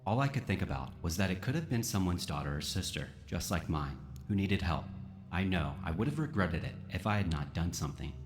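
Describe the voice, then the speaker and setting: Deep-voiced man narrating dramatically. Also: lively intonation, fairly quick, husky, soft background music. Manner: dramatic storytelling delivery. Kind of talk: scripted narration.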